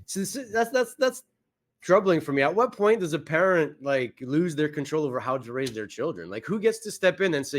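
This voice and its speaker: Relaxed man hosting a podcast. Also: a little high, brisk. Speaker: podcast host. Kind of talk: casual podcast conversation.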